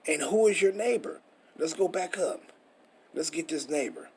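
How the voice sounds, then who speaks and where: A man's voice: fairly high pitch, animated, moderate pace, husky. A man teaching scripture in a preachy, emphatic way, full of rhetorical questions and swearing. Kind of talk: street-style scripture teaching.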